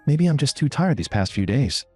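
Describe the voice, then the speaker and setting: A man narrator voicing an earnest young princess in a recap story, raising his pitch. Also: big pitch swings, moderate pace, a little mellow, breathy edge, no echo, faint music behind.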